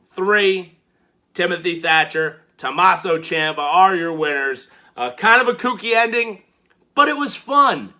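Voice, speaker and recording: A man casually recapping a wrestling show, animated and playful, acting out the quotes he retells. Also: fairly high pitch.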